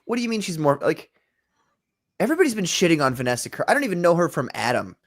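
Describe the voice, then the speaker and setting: A man co-hosting a casual podcast, animated and swearing freely as he talks. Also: on the high side, racing. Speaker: podcast co-host. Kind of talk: casual chat.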